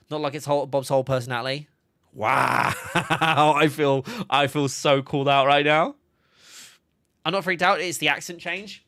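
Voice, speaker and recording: A man's voice: on the high side, fairly even intonation, normal speed, sharp tone, no echo, studio quality. A man, chatting casually on a game livestream, laughing often and reading chat aloud. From England. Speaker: game streamer.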